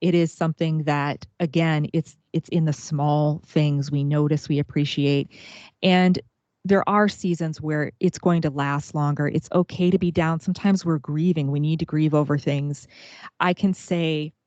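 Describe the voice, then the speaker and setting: Woman, host, earnest and reflective, low-pitched, dry close sound. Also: fairly even intonation, normal speed, darkish tone, no echo, lo-fi sound. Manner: earnest and reflective, speaks openly about family struggles. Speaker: podcast host. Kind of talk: casual faith-based interview chat.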